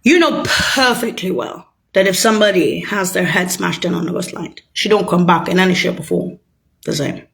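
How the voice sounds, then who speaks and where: A woman's voice: fairly low pitch, moderate pace, vocal fry, fairly bright tone. A woman in a rambling, profane, sarcastic monologue, agitated and mocking. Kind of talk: ranting monologue to camera.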